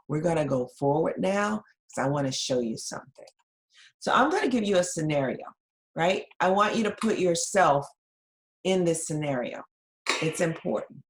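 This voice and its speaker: A woman presenting a webinar in a fairly low voice. She talks to her listeners directly and conversationally, often checking in with "right?" as she walks them through a case. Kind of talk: webinar lecture.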